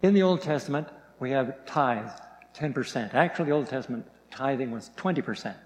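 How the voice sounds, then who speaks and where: A man preaching a sermon, reading scripture slowly and stressing key words. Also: mid-range voice, lively intonation, long reverb tail, a little hiss or hum, low-quality recording.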